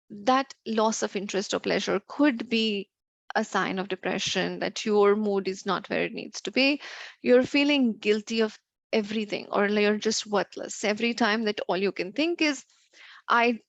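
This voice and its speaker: A woman's voice: mid-range voice, vocal fry, no echo. Dry, muffled woman doctor explaining. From United States. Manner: conversational, with frequent fillers and examples. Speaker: family medicine doctor giving a health talk. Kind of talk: informal educational talk. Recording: dull dry lo-fi sound.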